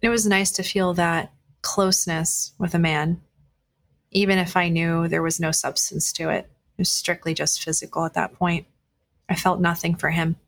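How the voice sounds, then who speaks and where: A woman's voice: lowish voice, level tone, moderate pace, fairly bright tone. A woman hosting a podcast, candidly telling a personal dating story to listeners, speaking bluntly and swearing freely, with frequent restarts. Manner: frequent restarts and fillers, conversational retelling. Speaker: podcast host.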